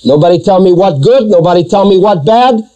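A Russian immigrant newspaper editor, as a man puts him on, his broken English clipped into short halting phrases. The Russian accent is thick and the voice sits high above the speaker's own. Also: lively intonation, mellow, low-quality recording. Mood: bewildered.

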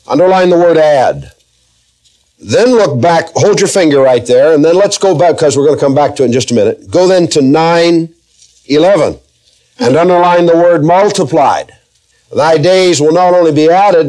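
Man teaching a Bible sermon, fairly high. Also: darkish tone. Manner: emphatic, slows to read scripture aloud; asks the congregation questions. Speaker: preacher.

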